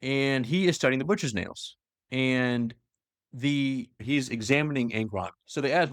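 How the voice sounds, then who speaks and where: This lore chat features a man with a mid-range, fairly bright voice retelling a story unhurriedly. He rambles casually with plenty of fillers, and the clean studio sound has no echo.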